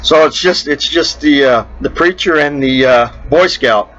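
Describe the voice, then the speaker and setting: A man's voice: fairly high pitch, a little slow, fairly bright tone, highs cut off. A man hosting a show, telling jokes in a rambling, casual way and repeating "he goes" between quotes.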